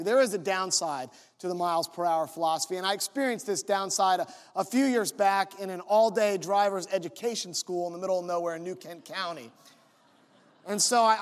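Male pastor, conversational storyteller, higher voice, reverberant sanctuary. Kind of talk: sermon.

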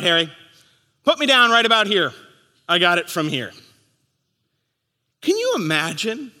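A man in his thirties preaching a sermon as pastor, telling stories and acting out the crowd's shouts. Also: high-pitched. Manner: storytelling, acting out crowd voices. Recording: long hall reverb.

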